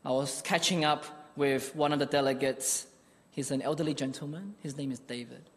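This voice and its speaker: A man's voice: mid-range voice, fairly even intonation, normal speed, a bit bright, big-room sound. A man preaching a sermon, telling a personal story in an earnest, conversational way.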